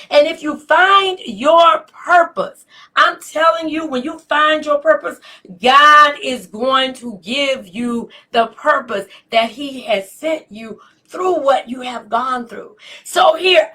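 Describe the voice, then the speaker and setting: Older woman, bright voice, emotional testimony. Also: sits high. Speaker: inspirational speaker. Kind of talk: faith-based motivational video talk.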